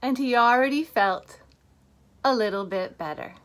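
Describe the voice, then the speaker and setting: Lively lady reading a kids storybook, high bright voice, asks the kids stuff. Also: normal speed. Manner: animated, asks the children questions. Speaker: children's movement teacher.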